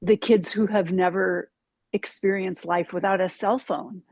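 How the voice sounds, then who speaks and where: A yoga teacher talking slowly in a casual spiritual chat, halting with many ums and restarts. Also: female voice, mid-range voice, fairly even intonation, a little mellow, no room sound.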